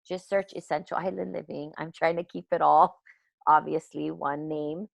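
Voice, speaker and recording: A woman hosting a team business call, chatty and self-mocking and quick to laugh, talking into a computer mic on a live call. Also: low voice, steady tone, creaky, dry recording. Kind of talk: casual chat. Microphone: speaking into a computer mic on a live call.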